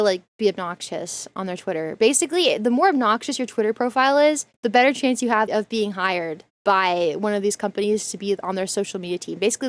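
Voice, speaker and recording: A woman streamer reacting to a video, talking in a casual, rambling way with lots of fillers. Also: mid-range voice. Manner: rambling storyteller, many fillers. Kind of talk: casual chat.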